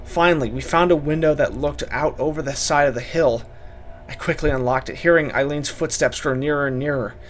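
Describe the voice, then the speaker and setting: A man's voice: fairly high pitch, fairly quick, slight background noise. A man narrating a first-person horror story, dramatic and urgent in his telling.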